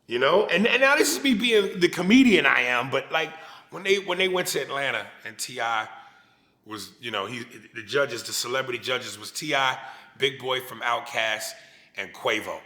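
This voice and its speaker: A man's voice: medium pitch, animated, normal speed, bright, forceful tone, echoey room. A man from New York with a New York accent, a comedian ranting animatedly and profanely in a casual interview. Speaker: comedian guest.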